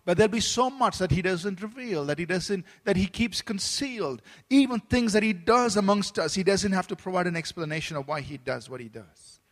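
A man with a high-pitched voice preaches a Sunday sermon as pastor, earnest and steady, often restarting and repeating words as he goes. His voice carries a long reverb, as if recorded in a large hall. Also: a little fast, few pauses. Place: church service.

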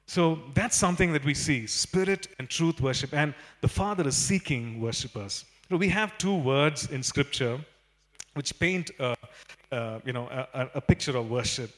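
A man preaching a sermon in an animated way, with many fillers and repeated phrases. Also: medium pitch, moderate pace.

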